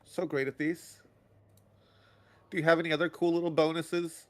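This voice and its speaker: A man playing a tabletop game, chatting casually in a jokey, expressive way and swearing freely. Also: on the high side, normal speed. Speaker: player.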